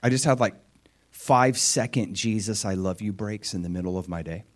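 A middle-aged man preaching a sermon in an animated way, acting out prayers and replies and sometimes dropping to a whisper. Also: lowish voice, normal speed.

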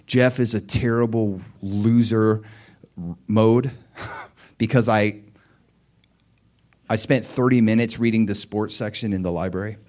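A man preaching a sermon, telling a personal story with lively swings between quiet muttering and loud, high cries.

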